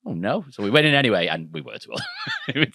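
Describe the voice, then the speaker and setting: A man's voice: mid-range voice, huge pitch swings, fast, sharp tone. A man co-hosting a comedy podcast, telling stories with hesitant stammering. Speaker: podcast co-host.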